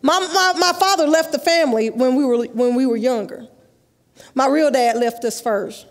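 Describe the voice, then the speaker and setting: High-voiced woman preaching in echoey church. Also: moderate pace. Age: 30s. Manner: lively, acts out dialogue, laughs often. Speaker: youth conference speaker. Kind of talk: storytelling sermon. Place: large church sanctuary, live. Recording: live church hall with long echo.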